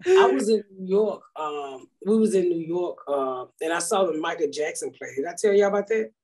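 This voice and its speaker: Husky, profane woman podcast host. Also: lowish voice, normal speed. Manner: loud, profane, animated storytelling. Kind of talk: casual chat, storytelling.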